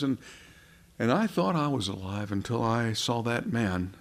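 Male preacher, gravelly, impassioned delivery with sudden soft drops. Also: medium pitch, normal speed. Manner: impassioned, rising and dropping to soft. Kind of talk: sermon.

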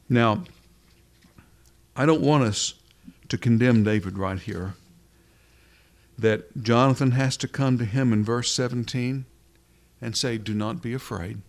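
A man's voice: mid-range voice, unhurried, long pauses. An earnest male preacher delivering a sermon. He leans on repeated rhetorical questions, pressing each point home with emphasis.

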